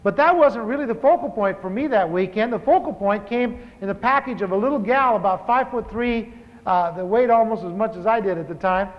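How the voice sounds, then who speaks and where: A man in his fifties, a pastor, telling his personal testimony in a relaxed, humorous storytelling manner, with frequent restarts. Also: high-pitched, fairly quick. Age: 50s. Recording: echoey hall, dull lo-fi tape.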